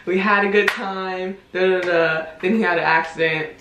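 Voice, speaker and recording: A woman's voice: on the low side, fairly even intonation, moderate pace, a bit bright, a little hiss or hum. A young woman vlogger telling a family story in casual chat, acting out quotes and laughing often. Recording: echoey room.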